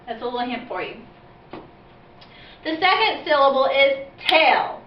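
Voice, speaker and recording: A high-voiced woman teacher walks parents through the reading steps one at a time, clear and patient. She sounds a little far from the mic, in a room with plenty of echo, and the recording is slightly dull. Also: moderate pace, slight background noise. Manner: clear, patient, step-by-step explaining. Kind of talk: instructional video for parents. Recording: roomy, distant, dull-sounding classroom recording.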